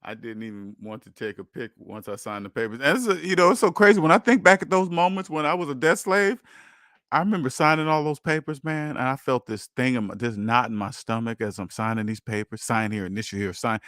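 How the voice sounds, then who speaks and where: A man hosting a casual monologue, animated and laughing, acting out mock voices and firing rhetorical questions. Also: on the high side, dry recording, studio quality. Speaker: host.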